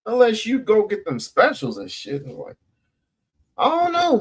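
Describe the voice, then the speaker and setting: A man's voice: high-pitched, a little slow, slightly rough. A man in a casual group chat, joking and acting out what others might say. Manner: animated, joking, acts out quotes. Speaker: panelist.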